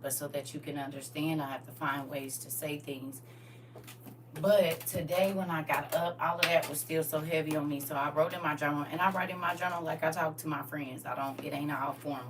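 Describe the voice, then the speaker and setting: Woman, live streamer, candid casual talk, speaking straight to viewers, low pitch, slightly distant phone mic. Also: fairly bright tone, slight background noise. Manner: candid, talks directly to her audience.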